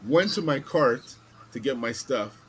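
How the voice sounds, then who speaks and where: Podcast host, male, casual and animated, swears freely, faint hiss on the track. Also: medium pitch, unhurried. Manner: animated, swearing, acts out voices in stories. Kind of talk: casual storytelling chat.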